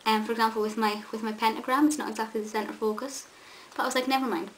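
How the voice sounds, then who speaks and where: A woman's voice: a little high, steady tone, fast, poor audio. A young woman, chatting eagerly to camera in a vlog, with many ums and restarts. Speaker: vlogger. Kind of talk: casual chat to camera. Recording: faint hiss.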